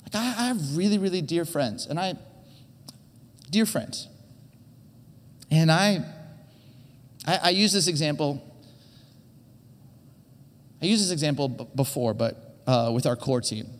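An earnest male pastor gives a conversational sermon on a church stage, often stumbling and repeating words as he goes. His voice sits a little high. It rings with the long reverb of a large hall. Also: expressive, a little slow, pauses often. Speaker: teaching pastor.

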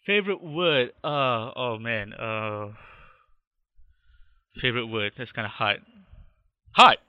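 A man's voice: mid-range voice, slow pace, clean tone, no echo, dull audio. A man with a Malaysian English accent, a podcast guest chatting casually and rambling with many restarts. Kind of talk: casual interview chat.

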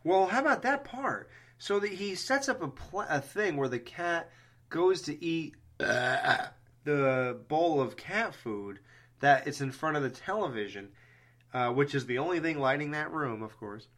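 A man co-hosting a movie podcast in casual chat, animated and swearing freely, laughing often. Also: on the high side, unhurried. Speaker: podcast co-host.

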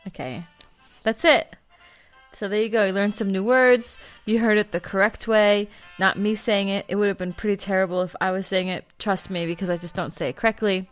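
A woman's voice: mid-range voice, fairly even intonation, fairly quick, clean tone, soft background music. A woman hosting a casual travel vlog, chatty and self-deprecating, laughing easily. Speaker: vlog host.

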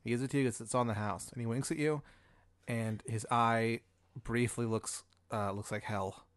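A male podcast host telling an improvised comedic story in a rambling, deadpan way. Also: mid-range voice, normal speed, dry recording. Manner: rambling, deadpan, with filler words.

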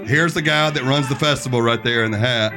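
Animated storyteller man. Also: mid-range voice, fairly quick, over music. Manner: animated, acts out other people's lines. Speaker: podcast guest, musician. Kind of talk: casual storytelling.

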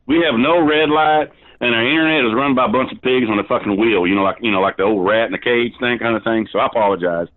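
A man's voice: mid-range voice, fast talker, few pauses, no room sound. A drunk man on a phone call, rambling and swearing constantly as the target of a prank call. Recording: tinny phone line.

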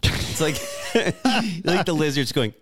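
A man's voice: fairly high pitch, expressive, slow pace, a bit bright, slight background noise. A man co-hosting a podcast, cracking jokes and chiming in playfully in casual chat. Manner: playful, jokey interjections. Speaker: podcast co-host.

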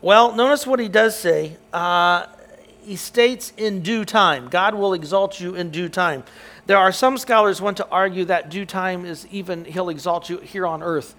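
Man, preacher, expository sermon, emphatic, fairly high voice, repeats words. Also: a little slow, fairly bright tone. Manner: earnest, emphatic, repeats words when restarting; answers questions from the room. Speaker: preacher teaching a Bible study.

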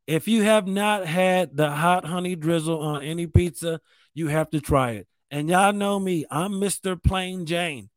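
A man's voice: sits high, moderate pace, no room sound. A man from New York State hosting a show, talking in a rambling, profane, self-mocking casual monologue. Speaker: podcast host.

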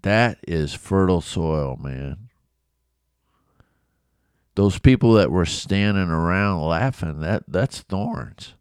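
A man's voice: deep voice, lively intonation, takes it slowly, long pauses, a little mellow, clear, resonant tone, no room sound, studio quality. A man giving a casual, conversational Bible lesson, acting out the people in the story. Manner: conversational, acts out quoted voices. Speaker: Bible teacher.

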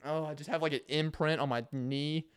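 A man's voice: fairly high pitch, a little fast, smooth, no room sound, clean studio sound. Young man rambling through funny stories. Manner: rambling, animated storytelling with laughs and put-on quotes. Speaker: podcast host. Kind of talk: casual comedic monologue.

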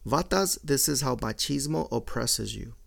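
Man, middle-aged, gravelly, mid pitch, profane, blunt, casual monologue. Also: lively intonation, normal speed. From Mexican-American. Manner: profane, blunt, mixing Spanish slang into English.

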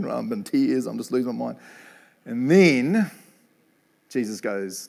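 A middle-aged man with a New Zealand accent delivers a sermon in a loose, conversational way. His voice sits at an ordinary medium pitch, and he keeps tagging on "eh" and "right". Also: animated, normal speed, gravelly, darkish tone. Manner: casual and chatty, lots of "eh" and "right". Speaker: preacher and Bible college principal.

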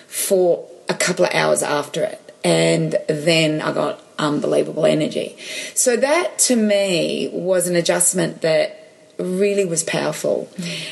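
A woman's voice: lowish voice, vocal fry. A woman chatting and telling a personal story, full of restarts and quoted dialogue. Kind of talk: casual chat, personal story.

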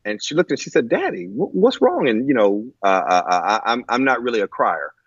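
Husky-voiced man, lively pitch. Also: dry recording, soft background music. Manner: halting, with many fillers and restarts. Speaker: guest. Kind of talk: emotional personal storytelling. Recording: muffled lo-fi audio.

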